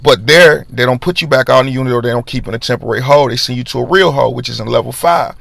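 A man hosting a podcast, casually telling a personal story in slangy, animated talk and acting out the voices of people in it. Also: mid-range voice, very fast, creaky, no echo.

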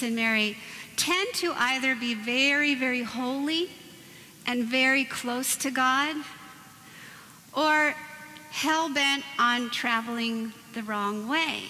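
In a church hall, a Catholic speaker in her forties gives a talk full of stories, jokes, and playful asides to the audience. Her voice is high, pushed, and bright. The recording carries church reverb and faint background noise.

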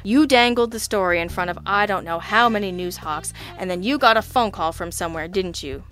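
A woman doing a wry, deadpan private eye. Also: mid-range voice, fairly quick, soft background music, lightly acted. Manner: wry and deadpan, with offhand quips. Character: dry-witted, unflappable male private detective. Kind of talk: audiobook character reading.

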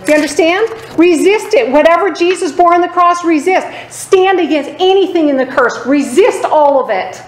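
A woman's voice: moderate pace, hardly any pauses. Emphatic woman preaching in an echoey room. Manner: emphatic, repeatedly asking "Right?" for agreement; acts out other people's lines in lower, quieter voices. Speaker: Bible teacher. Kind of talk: sermon. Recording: echoey room, faint background noise.

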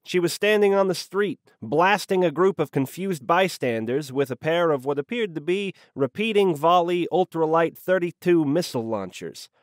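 A man's voice: a little high, normal speed, hardly any pauses, no room sound, clean studio sound. Man narrating wry hard-boiled noir. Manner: wry, slangy, deadpan. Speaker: audiobook narrator.

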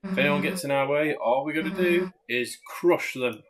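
A man putting on a gruff, brash monster girl. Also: a little high, normal speed, fairly bright tone, slight background noise, natural voice. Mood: boastful. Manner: gruff, blunt, threatening. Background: game music.

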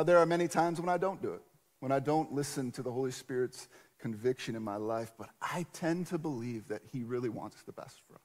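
A man preaching a sermon in a conversational, animated storytelling way. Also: medium pitch. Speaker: pastor. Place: church sanctuary. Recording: long church reverb.

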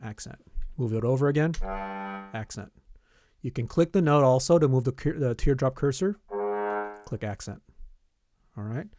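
A man, a band teacher, walking students step by step through a music notation program, often pausing with "okay" and "all right". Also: mid-range voice, expressive. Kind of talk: screen-recorded software tutorial.

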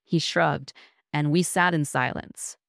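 Woman narrator, low voice, measured and reflective first-person storytelling, dry close sound. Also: fairly even intonation, creaky, a bit bright, dry recording.

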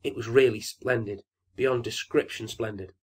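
Male bedtime-story narrator, measured and gently expressive, husky voice. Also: mid-range voice.

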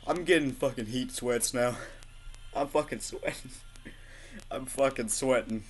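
A man giving live commentary over his own gameplay, excitable and foul-mouthed, swinging into laughter and high-pitched yells. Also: measured pace, pauses often. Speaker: gaming video host.

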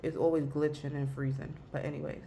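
A young woman talking at her home desk in a casual vlog, rambling and halting, close to tears. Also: low voice, little pitch movement, dark tone, slight background noise. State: weepy, emotional. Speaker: vlogger.

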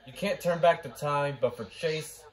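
A young man hosting a live race watch-along, shouting and cheering at the finish, then turning quiet and emotional, close to tears. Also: fairly high pitch, moderate pace. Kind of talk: live race reaction chat.

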